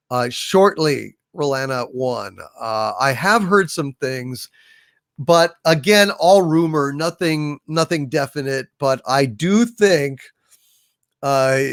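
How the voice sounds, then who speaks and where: A man's voice: a little high, a bit bright, no room sound, studio quality. A man hosting a casual live stream, reading out viewer messages and rambling with frequent filler hesitations.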